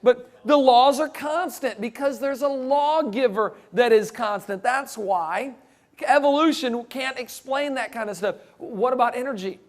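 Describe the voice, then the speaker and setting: High-voiced, joking male lecturer. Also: unhurried. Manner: joking, animated, playful asides. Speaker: creationist speaker. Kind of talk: humorous lecture to an audience.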